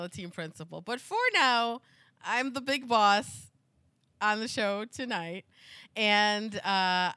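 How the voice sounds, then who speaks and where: A woman's voice: mid-range voice, sharp tone, clean tone, no echo. A woman hosting a podcast in casual, rambling chat, laughing often. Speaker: podcast host.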